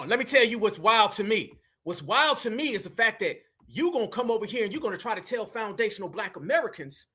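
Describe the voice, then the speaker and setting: A man's voice: high-pitched, fairly bright tone. A man hosting a live stream, talking in a fiery, preachy way and calling his viewers family. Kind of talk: heated live commentary.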